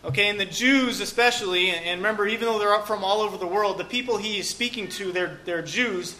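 A man's voice: high voice, fast, bright, forceful tone, a little hiss or hum. A man preaching a sermon in a casual, joking way, often saying "okay" and "um". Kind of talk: conversational sermon.

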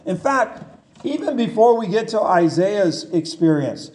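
A man delivers a sermon at an unhurried pace, leaning on repeated phrases for emphasis. His voice sits high for a man, and he often turns to the listeners with rhetorical questions. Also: sing-song, a little mellow. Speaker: preacher.

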